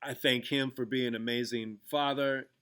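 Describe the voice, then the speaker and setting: A man's voice: mid-range voice, steady tone, moderate pace, pushed and bright, clear, resonant tone. A man who teaches and hosts a podcast, talking casually with lots of fillers as he guides listeners through an exercise and tells a story from class. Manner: conversational, loose with fillers and restarts, retells a classroom story. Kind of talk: casual podcast talk guiding a gratitude exercise.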